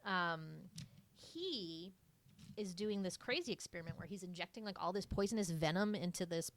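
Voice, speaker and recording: A woman's voice: on the low side, lively intonation, moderate pace. A woman co-hosting a podcast, casually recapping a movie in a rambling way with lots of fillers. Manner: rambling, filler-heavy retelling with mock voices. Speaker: podcast co-host.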